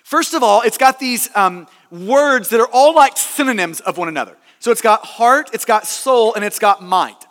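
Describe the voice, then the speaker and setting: A man's voice: very high-pitched, animated, moderate pace, few pauses, fairly bright tone, in a large hall. A male pastor preaching a sermon, earnest and emphatic, often restarting and repeating words for stress.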